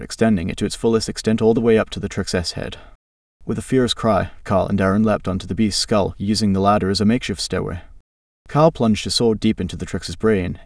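Gravelly man reading a fantasy tale. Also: lowish voice, darkish tone, no room sound, clean studio sound, distant mic. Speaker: storyteller. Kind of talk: reading a fantasy story aloud.

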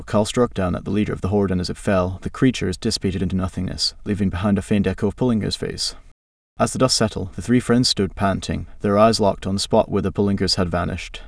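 A man reading a fantasy story aloud in a steady, plain way with small slips. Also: deep voice, vocal fry, no room sound, clean studio sound, far from the mic.

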